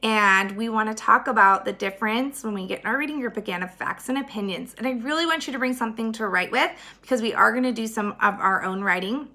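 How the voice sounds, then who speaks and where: A woman's voice: fairly high pitch, fast, hardly any pauses, sharp tone. A woman teacher reading a chapter book aloud on camera for her students, then explaining the next steps in a friendly, encouraging way. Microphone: handheld camera.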